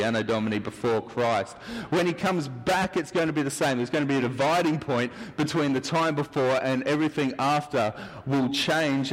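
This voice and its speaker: A man delivers a casual, rambling sermon, mixing in jokes. His voice sits at an ordinary pitch. A long hall reverb hangs behind every phrase. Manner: relaxed, rambling, chatty. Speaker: preacher. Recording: hall reverb with a mic hum.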